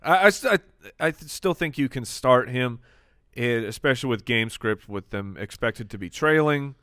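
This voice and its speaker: A man co-hosting a casual sports podcast, easygoing and quick to agree with the others. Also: medium pitch, animated, a bit bright, dry recording, clean studio sound. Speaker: podcast co-host.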